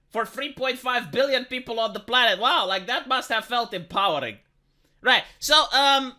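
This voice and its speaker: A woman from Romania giving dry, mocking reaction commentary on a viral video. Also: a little high. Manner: dry, mocking, deadpan asides. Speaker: commentary YouTuber.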